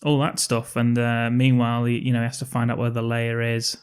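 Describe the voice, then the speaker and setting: A man's voice: mid-range voice, monotone, brisk, smooth. Guy co-hosting a movie podcast, rambly plot recap, swears a lot, laughs a lot. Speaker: podcast co-host. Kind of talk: casual film-review chat.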